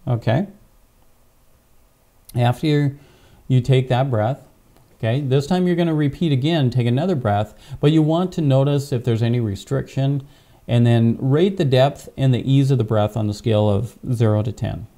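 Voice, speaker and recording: Brief: dark, gravelly male pastor, patient step-by-step instructor, clip-on mic. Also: mid-range voice, moderate pace. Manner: patient, step-by-step, frequent "okay?" check-ins. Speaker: pastor teaching tapping technique. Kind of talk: instructional demonstration. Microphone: clip-on microphone.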